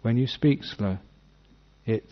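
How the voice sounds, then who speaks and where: A man, a Buddhist monk, giving a dhamma talk, reading a sutta aloud and then explaining it unhurriedly with gentle humour. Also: mid-range voice, takes it slowly. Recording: dull lo-fi talk recording.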